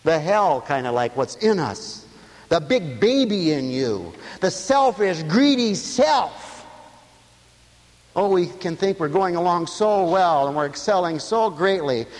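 A man preaching a radio sermon as pastor, animated, shouting out lines and laughing at his own jokes. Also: sits high, slow, long reverb tail.

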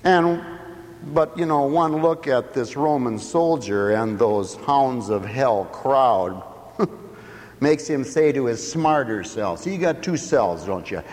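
A man preaching in a folksy, joking way, quizzing his listeners as he goes. His voice rises and falls widely at an unhurried pace. It echoes through a large hall with a long reverb. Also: medium pitch, expressive, a little mellow. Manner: folksy, joking, asks the congregation questions. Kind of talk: sermon.

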